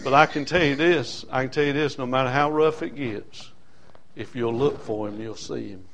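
A man's voice: mid-range voice, moderate pace, a bit bright. An older man preaching a sermon, impassioned and folksy, building on rhythmic repetition.

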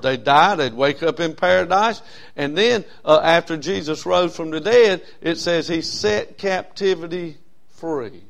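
A man preaching a sermon in a folksy way, swinging between loud stressed words and soft drawn-out phrases. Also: on the high side, vocal fry. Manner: folksy, with frequent uh fillers. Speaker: pastor.

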